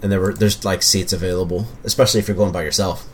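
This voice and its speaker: A man's voice: sits low, fairly even intonation, fast talker, a little hiss or hum. A man co-hosting a casual podcast, rambling and restarting his sentences as he talks. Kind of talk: casual chat.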